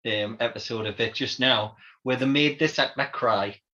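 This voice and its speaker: This podcast co-host has a sharp tone, medium pitch and normal speaking speed as he chats and tells stories. He performs quoted voices with animation, all captured in dull, lo-fi audio.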